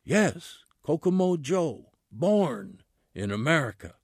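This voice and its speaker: A man's voice: on the high side, sing-song, slow pace, creaky, husky, no echo, clean studio sound, full character voice. A man reading aloud and voicing a young Japanese American jockey who insists and raises his voice as he pleads. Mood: polite.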